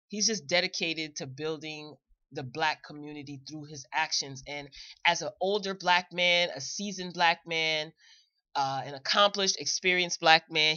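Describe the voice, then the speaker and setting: Woman, online show host, bright forceful voice, emphatic, repeats lines, chatty, slightly muffled lo-fi audio. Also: deep voice, dry recording. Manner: chatty, addresses viewers directly. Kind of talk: live online commentary show.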